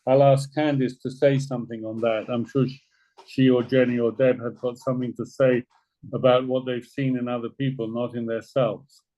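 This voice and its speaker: A man's voice: medium pitch, level tone, normal speed, dark tone, rough recording. A man leading an orientation video call, talking loosely and persuasively, often repeating his words. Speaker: team leader on an orientation call. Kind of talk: casual persuasive talk.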